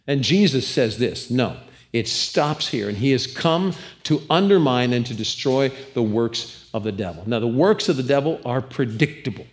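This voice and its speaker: A man preaching a sermon in church, telling lively stories with humor and asides to the congregation. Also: medium pitch, moderate pace, hardly any pauses. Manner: animated storytelling with humor and asides. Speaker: pastor.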